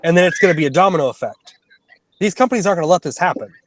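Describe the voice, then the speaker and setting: Guy chatting on a stream, kinda high voice, stops and restarts a lot, dry sound. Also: expressive, racing, no room sound, low-quality recording. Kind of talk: casual chat.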